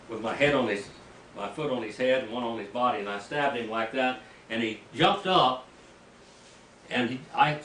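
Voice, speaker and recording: An older male pastor spins a folksy story from the pulpit, his voice jumping into loud outbursts. He stands away from the mic in a roomy space, with a faint hum of noise behind him. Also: mid-range voice, far from the mic. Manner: folksy, animated storytelling with sudden loud bursts. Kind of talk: storytelling sermon. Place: mission field, preaching to a group.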